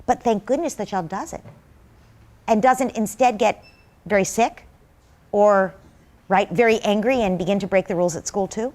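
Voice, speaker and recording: A woman answering interview questions as a parenting expert, calm and reassuring, repeating key points for emphasis. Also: mid-range voice, moderate pace, long pauses.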